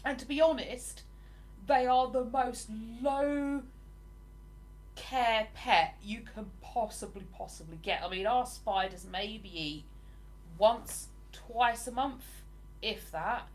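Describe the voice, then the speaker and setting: Speaking slowly in a fairly high voice, an Englishwoman in her forties runs a livestream, casually chatting with viewers and answering their comments.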